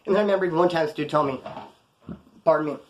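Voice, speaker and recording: A man rattles off his stories at a quick clip in a slightly raised voice. He talks in rough street slang, casual and rambling, to the camera. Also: on the high side, slight background noise. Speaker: former prisoner telling stories.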